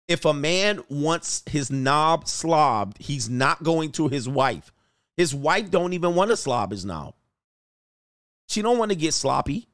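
A man's voice: medium pitch, dry recording, studio quality. A man hosting a livestream as a relationship coach, brash and crude, joking and talking straight to his chat. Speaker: relationship coach and show host. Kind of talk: livestream commentary.

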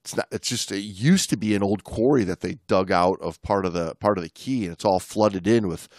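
A man's voice: fairly low pitch, brisk, darkish tone, no echo, studio quality. A man co-hosting a podcast, telling stories in casual chat with many restarts and laughs. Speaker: podcast co-host.

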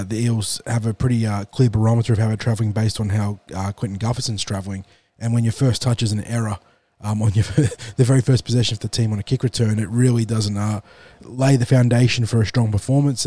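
A man hosting a casual sports podcast, sounding nasal from the flu and talking in a measured, explanatory way. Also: on the low side, mellow, no echo. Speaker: podcast host.

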